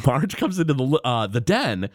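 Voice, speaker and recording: A man chatting casually on a podcast, retelling a cartoon episode with lots of fillers and quick quoted bits. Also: mid-range voice, big pitch swings, dry recording, studio quality. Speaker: podcast host.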